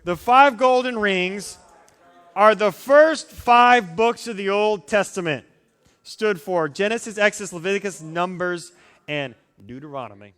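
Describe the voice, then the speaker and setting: A man with a fairly high voice preaches to a youth group in a loose, joking way, wandering into side stories and breaking off his own sentences. His voice rings out with a long reverb through a large church hall. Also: unhurried, a bit bright, clean tone. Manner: rambling, digressive, self-interrupting. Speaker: youth pastor. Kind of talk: casual humorous youth sermon.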